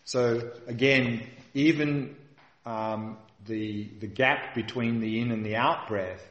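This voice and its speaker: A man teaching a meditation practice, guiding patiently and calmly and repeating key points for emphasis. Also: mid-range voice, slow pace, echoey room, muffled recording. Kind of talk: guided meditation instruction.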